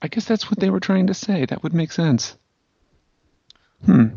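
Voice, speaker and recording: A man's voice: sits high, lively intonation, normal speed, vocal fry, dark tone, slightly rough, dry recording. A man in casual podcast chat, telling a long sardonic story with many fillers. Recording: dry, slightly dull podcast audio.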